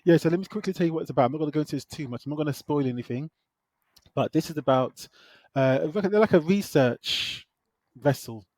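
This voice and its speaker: A man from the UK co-hosting a podcast, casually reviewing films in a slangy, relaxed way with lots of asides. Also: fairly high pitch, fast talker, dry recording. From United Kingdom. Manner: laid-back, slangy, retells plots with asides. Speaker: podcast co-host. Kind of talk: casual film review chat.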